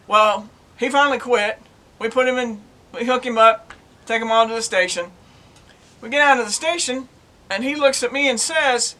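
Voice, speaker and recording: A man's voice: extremely high pitch, normal speed. A middle-aged man, a former police officer telling his stories to his own camera in a plainspoken, folksy way. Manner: folksy, plainspoken, animated retelling. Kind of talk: casual storytelling to camera.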